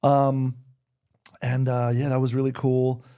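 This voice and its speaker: A man talking as a podcast guest in casual chat, telling lively stories and acting out the voices of people he quotes. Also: medium pitch, a little slow, clean tone. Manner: animated storyteller, acts out quoted voices. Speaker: guest comedian.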